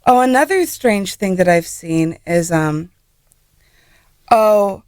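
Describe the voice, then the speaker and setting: A woman's voice: on the low side, measured pace, dry recording. An American woman comedian chatting frankly and bawdily as a podcast guest. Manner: frank, bawdy, animated. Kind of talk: casual comedic chat.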